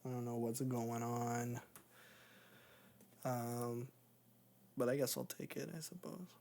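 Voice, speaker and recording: Joking male podcast co-host with a warm, mellow tone. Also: medium pitch, steady tone, takes it slowly, vocal fry. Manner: rambling, joking, laughs often. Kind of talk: casual chat.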